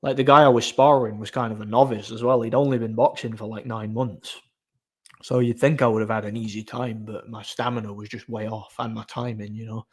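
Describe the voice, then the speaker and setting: A man's voice: fairly low pitch, level tone, brisk, slightly rough. A man, casually telling a story as host of his own channel, repeating words and using many fillers.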